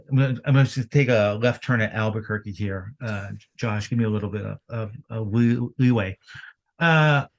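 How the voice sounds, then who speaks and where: A man speaking as a podcast guest in a casual business chat. His voice sits at an ordinary middle pitch, and he talks with energy, tossing out rhetorical questions.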